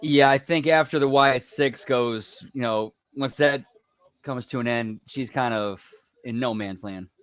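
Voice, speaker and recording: A man's voice: medium pitch, unhurried, smooth, no room sound. A man co-hosting a casual wrestling stream, giving short, offhand answers and chatting about music. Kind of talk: casual chat on a wrestling watch-along stream.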